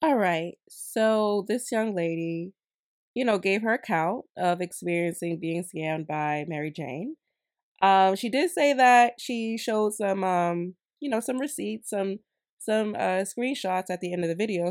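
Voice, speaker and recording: Woman vlogger ranting, indignant and animated. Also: mid-range voice, a little slow, dry recording, studio quality. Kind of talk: commentary and storytime.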